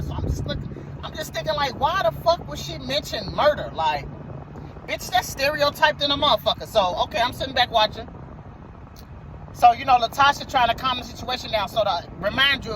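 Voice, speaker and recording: A man's voice: very high-pitched, expressive, a little fast, noisy background. A man who drives a motor coach bus tells a story in a casual vlog, heated and profane, and he repeats himself.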